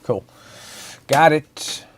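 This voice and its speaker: A man's voice: very slow, a little hiss or hum. A man hosting a casual live stream, greeting viewers by name and chatting loosely.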